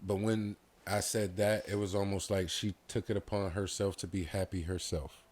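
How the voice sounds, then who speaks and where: Deep-voiced man telling a heartfelt story. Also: level tone, moderate pace, darkish tone. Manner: candid, heartfelt storytelling with frequent "like" fillers. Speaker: podcast guest. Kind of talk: casual conversation.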